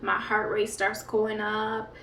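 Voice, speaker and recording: A woman's voice: medium pitch, monotone, slow, fairly bright tone, a little hiss or hum. A woman vlogger telling a story in a rambling, chatty way, full of fillers and laughs. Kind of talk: casual storytime. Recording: echoey room, mic at a distance.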